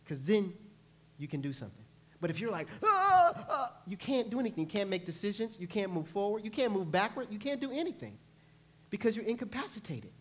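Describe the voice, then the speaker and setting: A male pastor preaching a sermon, telling lively stories and acting out panicked voices. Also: high-pitched, fast. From New York. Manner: animated storytelling, acts out panicked voices. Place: church.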